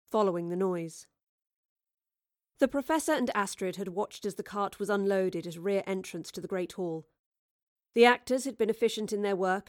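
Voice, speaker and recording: A woman reading a novel aloud in measured, even scripted narration, close to the microphone. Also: mid-range voice, dry recording. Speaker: audiobook reader.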